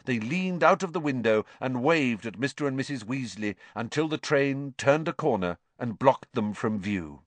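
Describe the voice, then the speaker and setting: A man reading an audiobook aloud, narrating in an expressive storytelling manner. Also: medium pitch, normal speed, hardly any pauses, no room sound.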